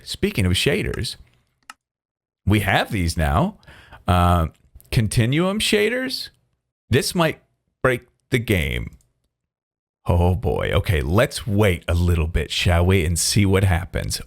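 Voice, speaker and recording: Male game-video host, unhurried, animated pitch, rambling casual commentary. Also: vocal fry. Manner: rambling, self-interrupting, chuckles often. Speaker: gaming video creator.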